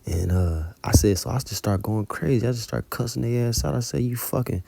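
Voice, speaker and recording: A man's voice: mid-range voice, fairly quick, creaky, dark tone, dry recording. A man giving an informal religious testimony, telling a dream in colloquial, profanity-laced storytelling. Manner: colloquial storytelling with heavy cursing. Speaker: religious teacher recounting a dream.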